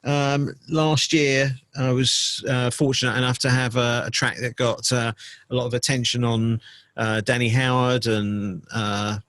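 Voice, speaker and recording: Relaxed man telling stories, dry sound. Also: medium pitch, measured pace, no room sound. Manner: relaxed storytelling with many fillers. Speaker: DJ and producer, interviewee. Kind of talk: casual interview.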